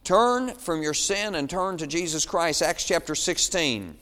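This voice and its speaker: A man's voice: fairly high pitch, animated, a little slow, a bit bright, in a large hall. A man preaching a sermon as pastor, pleading and building in intensity. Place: church.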